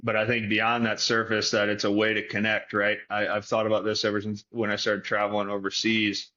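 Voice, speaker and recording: Man from Detroit, performance coach, podcast guest; bright, lo-fi, thinks aloud. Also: lowish voice, completely flat delivery, brisk. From Detroit, Michigan. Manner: philosophical, thinks aloud with restarts. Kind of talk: reflective podcast conversation.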